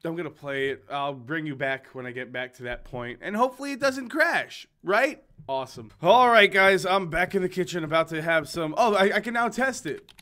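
A man's voice: fairly high pitch, lively intonation, brisk, few pauses, bright, forceful tone. A young man commentating a video game he plays, joking and rambling with stammered restarts, reading its text aloud. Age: young adult. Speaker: gaming video host.

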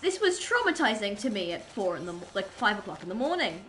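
A woman's voice: medium pitch, sing-song, fast talker, fairly bright tone, faint music behind, rough recording. A woman livestreamer rambling in casual chat with her viewers while gaming, giggling and poking fun at herself. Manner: rambling, giggly, self-mocking.

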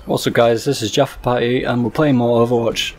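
Male gaming YouTuber, average-pitched voice, chatty and sweary, prone to loud bursts of excitement. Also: a little fast. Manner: excitable, swears a lot, sudden loud outbursts. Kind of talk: casual gameplay commentary.

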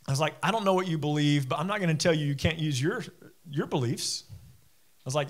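A pastor in his thirties giving a sermon, telling personal stories in a conversational way and dropping to a quiet low voice. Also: fairly quick, long pauses. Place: church auditorium.

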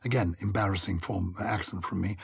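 A man's voice: deep voice, brisk, gravelly, slightly rough, no room sound, clean studio sound. An older man co-hosting a podcast, chatting playfully and theatrically and reading listener letters aloud. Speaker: podcast co-host. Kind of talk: casual chat about words.

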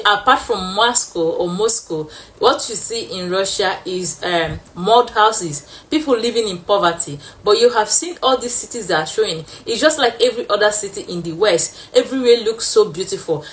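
A woman's voice: mid-range voice, fairly bright tone, rough recording. A woman hosting a reaction video speaks to her viewers in a casual, earnest way. She gives strong opinions and circles back to repeat her points.

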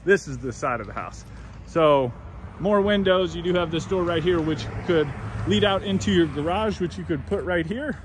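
A man's voice: a little high, normal speed, a little hiss or hum. Upbeat man giving a home tour. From United States. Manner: upbeat, gushing, chatty with fillers. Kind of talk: enthusiastic home tour walkthrough. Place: model home, walking indoors and outdoors.

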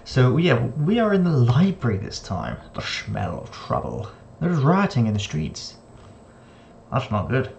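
A man's voice: mid-range voice, wildly swooping pitch, measured pace, gravelly, a little mellow, slight background noise. A man hosting a casual game commentary, chatty and playful, talking to the characters on screen. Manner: playful and chatty, talks to game characters, slips into silly voices. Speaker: gaming channel host. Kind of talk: casual let's-play commentary.

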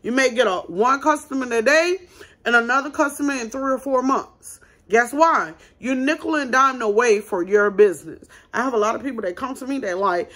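A woman host giving business advice in a casual vlog, blunt and emphatic as she talks straight to her audience. Her voice sits a little high and sounds bright and forceful, and she leans hard on the key words. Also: normal speed.

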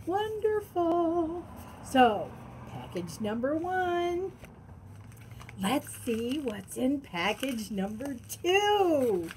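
Female vlogger, slightly high, unhurried, gushing unboxing delivery, faint background noise. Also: very animated, a little mellow, poor audio. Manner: gushing, gasping, breaks into delighted exclamations. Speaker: tarot channel host. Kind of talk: unboxing vlog.

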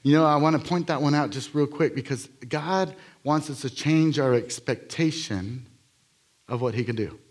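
A man preaching a live sermon in a church, telling healing stories in an energetic, jokey, rambling way full of fillers and restarts. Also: fairly high pitch, moderate pace. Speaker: guest preacher. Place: church sanctuary.

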